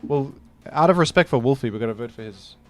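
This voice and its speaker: A man's voice: medium pitch, animated, fast, soft background music. A young man, casually joking and rambling through a live game stream. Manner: joking, rambling, exclaims loudly when surprised.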